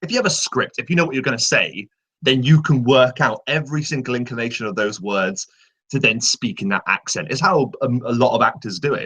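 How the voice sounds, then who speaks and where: Casting note: male guest voice actor, crisp bright tone, patient explainer who gives examples. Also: mid-range voice. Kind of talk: casual panel discussion.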